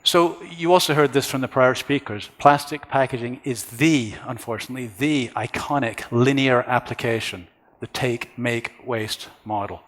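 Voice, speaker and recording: Man, conference speaker, mid-pitched voice, measured explanation, long hall echo. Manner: measured, explains slides step by step. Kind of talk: conference presentation.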